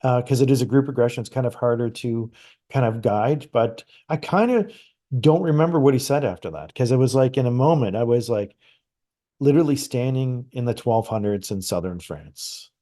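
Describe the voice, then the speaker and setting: A middle-aged man from Canada tells a story in a relaxed, conversational way. His voice sits at a middle pitch. He restarts his sentences often as he recounts events, and his delivery is animated and lively. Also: normal speed. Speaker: guest psychic medium.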